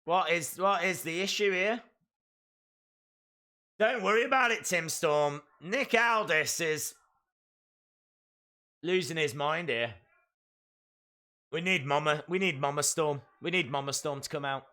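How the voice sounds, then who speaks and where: A man hosting a live wrestling watch-along, calling the action and breaking into excited shouts. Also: fairly high pitch, unhurried, pauses often. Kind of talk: live wrestling reaction commentary.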